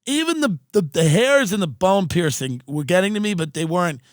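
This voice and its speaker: A man's voice: high voice, no room sound, clean studio sound. Sardonic man telling a story. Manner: sardonic, animated anecdote-telling with quick asides. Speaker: podcast host. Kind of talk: comedic storytelling on a podcast.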